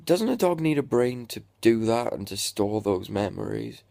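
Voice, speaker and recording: Young guy, sarcastic exasperated ranter, gravelly and unhurried, dry close sound. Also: lowish voice, sing-song, warm tone, no echo. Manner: sweary, exasperated, sarcastic rant. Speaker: vlogger. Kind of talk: ranting reaction vlog.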